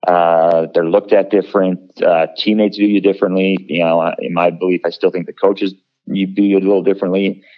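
A low-pitched man in his thirties, recorded with lo-fi sound, is a former college football player telling stories in a conversational interview. He speaks haltingly with many restarts and fillers but gets lively when quoting other people.

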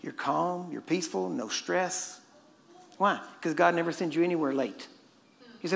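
A gravelly, fairly high male voice, expressive and moderately paced, preaches in a church hall. His sermon unfolds like a casual story, and he sometimes laughs at his own asides; the hall is echoey with faint ambience.

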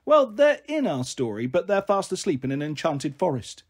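A man's voice: high voice, big pitch swings, normal speed, breathy edge, heavily acted. A man doing a playful big-sister girl. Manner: playful, coaxing storytelling.

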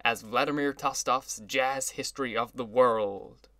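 A man reading an audiobook, voicing a jovial orchestra leader who makes a grand, slow announcement with mild condescension. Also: mid-range voice, fairly bright tone, no room sound, clean studio sound, lightly acted. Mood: grandiose.

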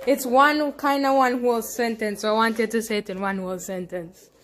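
A woman's voice: a little high, fairly even intonation, a little fast, a bit bright. A young woman, hosting a home vlog and bossily teasing her partner. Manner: teasing, bossy, playful. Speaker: vlog host. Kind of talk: casual vlog banter.

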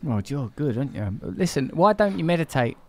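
A man's voice: fairly high pitch, very animated, fairly quick, darkish tone. Wry man in his forties. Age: 40s. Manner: wry, reflective, swears casually. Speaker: podcast host. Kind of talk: casual conversation.

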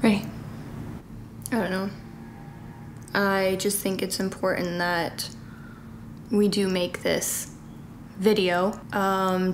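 A woman vlogging about a frightening day with her baby, tearful and halting, with many fillers and small nervous laughs. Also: lowish voice, background noise. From Southern California. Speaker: vlogging mom. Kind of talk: emotional personal account.

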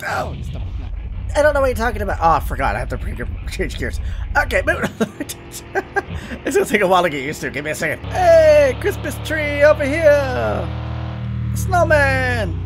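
A man giving excitable let's play commentary, swearing and talking to himself as he plays. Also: very high voice, normal speed, soft background music. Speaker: gaming YouTuber.

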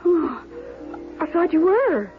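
An actress playing a lonely, nervous widow in a 1970s radio drama, fluttery and easily startled. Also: female voice, extremely high pitch, big pitch swings, slow pace, full character voice. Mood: chatty. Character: lonely widow, middle-aged, nervous and chatty. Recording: tinny lo-fi radio recording with music.

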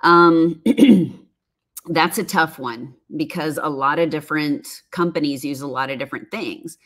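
A woman's voice: low voice, a little slow. A woman in her fifties chatting casually on a live stream, reading viewer comments with frequent laughs and rambling asides. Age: 50s. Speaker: livestream host, former makeup artist.

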